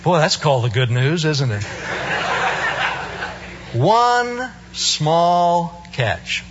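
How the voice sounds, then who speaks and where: A man's voice: fairly high pitch, animated, drawn-out words, highs cut off, noisy background. A male preacher giving a sermon in a church service, telling the story with humor and playful asides.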